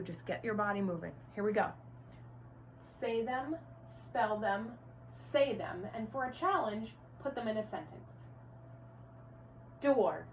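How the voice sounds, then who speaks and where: A woman teaching a first-grade reading lesson to young children at home, speaking clearly and encouragingly and spelling words out letter by letter. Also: fairly high pitch. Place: home, near her rocking chair. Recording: distant mic with faint hum.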